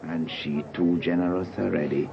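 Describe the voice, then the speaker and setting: A teasing Jamaican churchgoer, played by a man ribs his friend in a low voice. The recording sounds dull, with clear noise behind it. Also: fairly even intonation, normal speed. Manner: teasing, patois. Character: teasing male churchgoer, joking companion. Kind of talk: comedy sketch.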